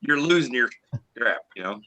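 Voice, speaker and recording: Arizona guy co-hosting radio, real bright voice, rambly, jumps all over in pitch. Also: normal speed. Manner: animated, rambling with restarts. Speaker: radio show co-host. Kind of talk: casual on-air chat.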